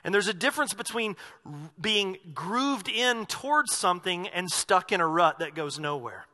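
A male pastor preaching a sermon in a conversational way, with asides and self-corrections, slowing down to stress key phrases. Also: high-pitched, expressive, bright, forceful tone. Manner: slows down for emphasis on key phrases.

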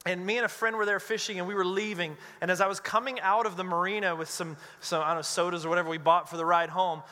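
A man preaching a sermon as pastor, an animated storyteller who acts out the voices he quotes. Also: high voice, fast, big-room sound.

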